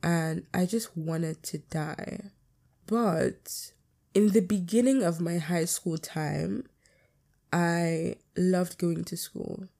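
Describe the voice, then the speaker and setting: A woman's voice: lowish voice, steady tone, slow pace, vocal fry, mellow. A young adult woman hosting her own podcast, talking casually and bluntly about her life, swearing freely. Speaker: podcast host.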